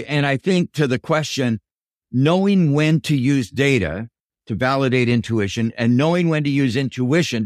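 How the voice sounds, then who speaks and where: Older guy telling coaching stories, mid pitch, dry close sound. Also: no echo. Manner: animated storyteller, voices quotes in dialogue. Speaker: guest, business professor and executive coach. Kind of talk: storytelling interview answers.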